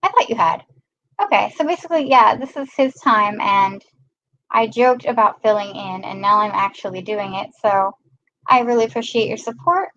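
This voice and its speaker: A woman's voice: a little high, normal speed, bright, forceful tone, lo-fi sound. A woman hosting a casual live stream, chatting and greeting viewers by name. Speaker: live-stream host filling in.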